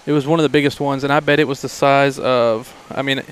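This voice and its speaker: A man in a casual podcast chat, eager and quick to jump into the conversation. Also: mid-range voice, fairly even intonation. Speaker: podcast guest.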